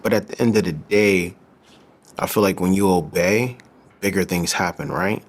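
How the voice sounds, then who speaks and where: Speaking at a normal speed in a low voice, this Midwestern man, a physician assistant, chats casually and earnestly. His delivery is loose and packed with fillers.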